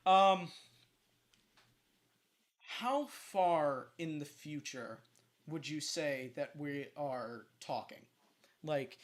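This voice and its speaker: A man's voice: on the high side, fairly bright tone. A man moderating a casual space debate, stumbling over his words and restarting his questions.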